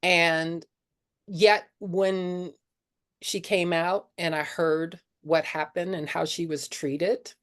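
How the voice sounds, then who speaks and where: A woman's voice: fairly low pitch, fairly even intonation, takes it slowly, fairly bright tone. A middle-aged woman leading a spiritual discussion group, sharing her own story in an earnest, conversational way with many "you know"s. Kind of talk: candid personal sharing talk.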